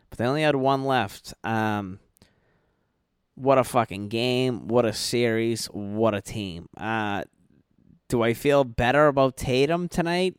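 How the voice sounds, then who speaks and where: A man's voice: mid-range voice, clear, resonant tone, no room sound, clean studio sound. A young man, tipsy and tired, rambling and swearing through a late-night sports rant in his bedroom. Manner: profane, rambling, yawning. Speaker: podcast host.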